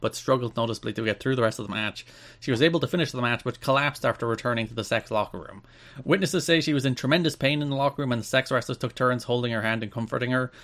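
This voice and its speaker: A man's voice: mid-range voice, fairly bright tone. A man with an Irish accent co-hosting a podcast, reading out news items and then riffing on them casually. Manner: reads news items then riffs loosely. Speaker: podcast co-host. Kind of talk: casual chat.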